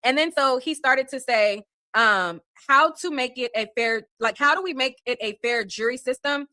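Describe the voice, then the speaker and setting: Woman host, higher bright voice, loose rambling recap style, full of "like" and "um". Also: moderate pace, no room sound. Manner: rambling, many fillers and restarts. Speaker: livestream host. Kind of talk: casual recap of a court hearing.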